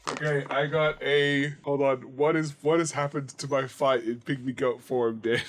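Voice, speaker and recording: A man's voice: medium pitch, flat delivery, slight background noise. Chill joking guy playing tabletop rpg, regular mid voice. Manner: casual, playful, quick to joke. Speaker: player. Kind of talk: tabletop role-play chat.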